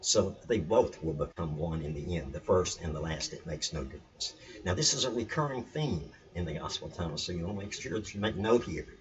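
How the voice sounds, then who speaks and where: A man's voice: deep voice, expressive, a little fast, hardly any pauses, distant mic, a crowd in the background. A man teaching about scripture in an earnest, emphatic way that repeats its points. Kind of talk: spiritual teaching talk. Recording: dull lo-fi sound, mic set back.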